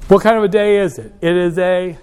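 A man's voice: high-pitched, steady tone, brisk, mellow, smooth. A man lecturing a university finance class, wry and joking, addressing students directly with emphatic asides. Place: lecture hall.

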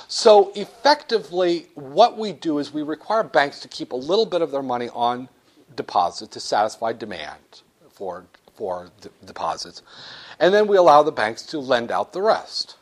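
Male lecturer, high voice with wide swings, animated and jokey in a classroom. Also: normal speed. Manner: animated, joking, acts out dialogues with students. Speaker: economics lecturer.

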